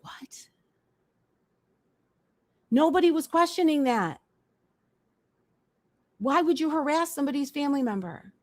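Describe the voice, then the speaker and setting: A woman's voice: high voice, lively intonation, a little slow, pauses often, dry recording. Blunt woman livestreamer, dry close sound. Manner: blunt, emphatic, repeats her points. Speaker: commentary livestream host. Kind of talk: casual livestream commentary.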